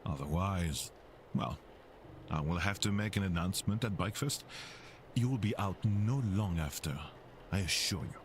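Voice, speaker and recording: A smooth, scheming French investigator who speaks in a measured, formal way with a French accent and a lowish voice. He sounds sure of himself and leans on courtesy to press others. The game audio carries a steady bed of ambient noise. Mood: coercive. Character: scheming male French investigator, blackmailing, self-assured. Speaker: game character.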